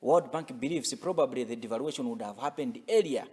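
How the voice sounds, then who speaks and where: A man's voice: medium pitch, brisk, a little mellow, breathy edge, long reverb tail. A man, a business editor explaining the economy in an interview, often repeating words as he searches for them. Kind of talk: studio interview analysis.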